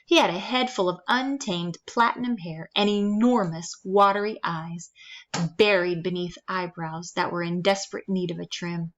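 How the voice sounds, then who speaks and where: A woman reading a children's novel aloud, telling the story steadily with lively emphasis. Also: fairly low pitch, moderate pace, lo-fi sound. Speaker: reader.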